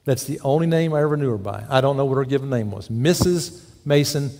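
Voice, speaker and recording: A man's voice: medium pitch, expressive, brisk, a little mellow. A male pastor preaching a sermon, telling folksy stories and putting questions to the congregation. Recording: long echo of a large hall.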